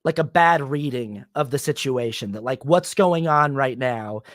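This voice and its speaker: A young man talking casually on his solo podcast, rambling with many fillers and restarts, and turning animated when he quotes people. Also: medium pitch, a little slow, no echo, clean studio sound. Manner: animated when quoting others. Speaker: podcast host.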